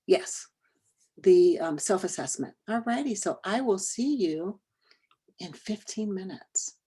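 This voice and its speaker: A woman leads a training session over a video call, talking conversationally and checking in with the group through quick questions. Her voice is mellow and relaxed. It sits at a middle pitch. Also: husky. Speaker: workshop trainer.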